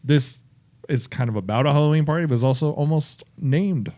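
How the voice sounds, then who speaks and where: A man co-hosting a horror movie podcast in casual chat, telling stories in a relaxed way and leaning on the word "like". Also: a little high, fairly quick. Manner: relaxed, storytelling, many "like" fillers. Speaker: podcast co-host.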